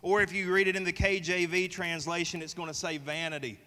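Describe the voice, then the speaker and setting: Southern man preaching with a bright voice. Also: sits high, level tone, a little fast. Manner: folksy, joking, polls the congregation. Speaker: pastor. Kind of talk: sermon. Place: church sanctuary. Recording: long reverb of a church hall.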